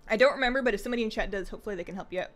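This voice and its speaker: A woman from Canada with a Canadian accent, chatting casually with viewers on a live game stream and talking very quickly. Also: mid-range voice. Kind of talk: casual live-stream chat while gaming.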